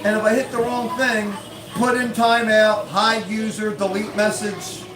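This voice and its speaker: A man's voice: high voice, little pitch movement, measured pace, crowd noise, rough recording. A man hosting a casual family livestream, easygoing and upbeat as he chats with viewers. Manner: easygoing, upbeat sign-offs. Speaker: livestream host.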